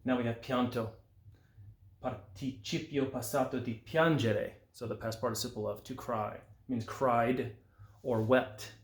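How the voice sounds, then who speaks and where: A man giving a patient language lesson, slowing down to sound out example phrases. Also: medium pitch, steady tone. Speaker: Italian language teacher. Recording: roomy echo.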